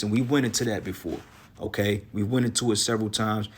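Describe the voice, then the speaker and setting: A man with a low, husky voice preaches in a heated, profane rant. He scolds his listeners and keeps tagging his lines with "man" as he quotes scripture and rebukes them. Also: fairly even intonation, quick pace. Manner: profane, scolding, repeats "man" at line ends. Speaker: street preacher. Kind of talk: angry religious rant.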